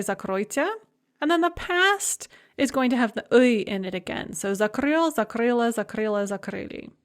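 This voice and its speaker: Methodical woman teaching a lecture. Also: fairly high pitch. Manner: methodical, spells out verb forms one by one. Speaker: language teacher. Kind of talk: recorded lecture.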